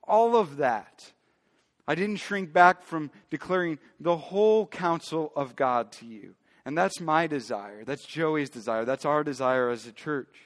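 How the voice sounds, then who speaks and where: A male pastor preaching a sermon emphatically, moving between loud declarations and quiet, hushed asides. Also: fairly high pitch, lively intonation, measured pace, long reverb tail.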